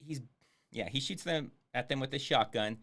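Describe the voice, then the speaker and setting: A man's voice: medium pitch, normal speed, heavy background noise. A man giving sarcastic, swearing live commentary on a film as he streams it. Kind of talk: casual livestream commentary.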